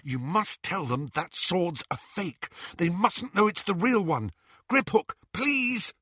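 A man's voice: high-pitched, expressive, slow pace, bright, forceful tone, slightly rough, no echo, clean studio sound, voice pushed up, full character voice. A man voicing a brave, urgent teenage boy in an audiobook reading. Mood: urgent whisper. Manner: urgent, whispering and pleading.

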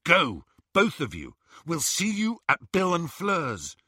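A man's voice: a little high, huge pitch swings, takes it slowly, sharp tone, husky, no room sound, clean studio sound, pitched above the performer's own voice, full character voice. A man voicing a brave, urgent teenage boy in an audiobook reading. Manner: urgent, whispering and pleading.

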